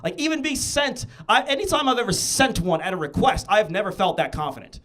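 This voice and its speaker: A male stand-up comedian performing a set, telling animated stories that build into shouted rants. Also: high-pitched, brisk.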